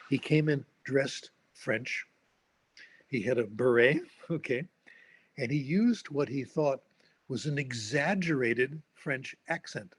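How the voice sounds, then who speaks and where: A man's voice: medium pitch, animated, slow, breathy edge, no echo. An older man giving a lecture as a linguist, telling wry anecdotes and tagging his points with "okay?".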